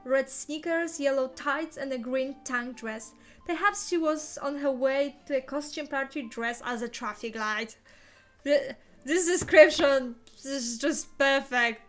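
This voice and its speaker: A woman's voice: sits high, unhurried, fairly bright tone, soft background music. A woman reading a novel aloud in the first person, playful and theatrical. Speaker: reader.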